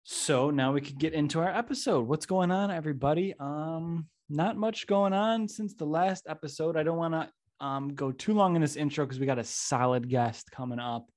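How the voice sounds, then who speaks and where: A man's voice: fairly high pitch, moderate pace, a little mellow. A man hosting a podcast, chatting casually and joking through the intro. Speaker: podcast host.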